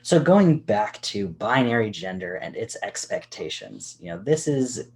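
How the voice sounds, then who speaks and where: Male workshop presenter, lowish voice, chatty delivery full of fillers, gesturing as he talks. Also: sing-song, unhurried, darkish tone, slight background noise. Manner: casual, chatty, many "you know" fillers; gestures a lot with his hands while talking. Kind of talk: educational workshop talk to camera. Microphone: recorded for a video.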